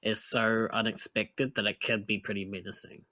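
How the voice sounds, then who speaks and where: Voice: medium pitch, little pitch movement, normal speed, sharp tone. A podcast co-host with a New Zealand accent in casual chat, mostly giving short, easygoing replies.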